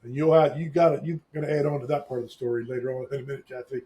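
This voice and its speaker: A man's voice: medium pitch, fairly even intonation, racing, warm tone. Wry, teasing man co-host. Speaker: podcast co-host. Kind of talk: casual chat.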